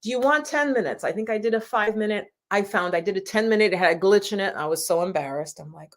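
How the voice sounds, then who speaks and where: A woman from the United States chats casually through a live stream with her viewers. She rambles from one aside to the next, laughing often. Her voice sits at an ordinary middle pitch for a woman. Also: fast, few pauses. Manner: chatty and warm, with frequent laughs and rambling asides. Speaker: YouTube channel host.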